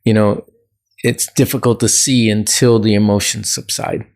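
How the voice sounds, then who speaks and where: A man with a fairly low voice co-hosts a relaxed conversation. He tells personal stories in a reflective, unhurried way, often restarting his sentences. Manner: reflective, storytelling, frequent restarts. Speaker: podcast co-host. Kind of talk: casual conversation.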